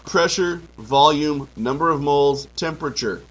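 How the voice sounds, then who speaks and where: A man's voice: on the high side, normal speed, fairly bright tone, rough recording. A man teaching a chemistry class, lecturing with frequent "okay" checks and dry joking asides. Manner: drills key terms, frequent "okay" checks. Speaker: high school chemistry teacher.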